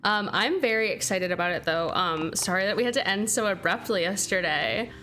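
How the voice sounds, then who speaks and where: A woman's voice: medium pitch, fairly quick, pushed and bright, a little hiss or hum. A young woman streaming a game who chats casually and bubbly with her viewers, thanking them by name. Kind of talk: casual livestream chat.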